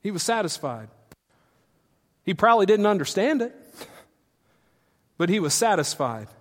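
Male pastor, higher register, sermon delivery that builds from soft to loud, long hall reverb. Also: normal speed. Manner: swings from quiet teaching to loud, animated acted-out quotes.

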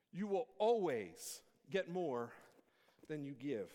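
A man preaching a sermon to a church congregation. He calls out questions for the congregation to answer and builds up to shouting. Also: fairly high pitch, very animated, slow. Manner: preaching with call-and-response, rising to shouts. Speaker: pastor. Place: church sanctuary. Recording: long hall reverb in a church.

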